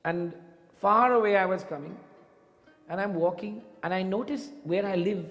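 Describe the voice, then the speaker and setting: A man voicing an excitable, foolish middle-aged father who tells his tale in a rambling way. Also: sits high, normal speed, in a large hall, soft background music.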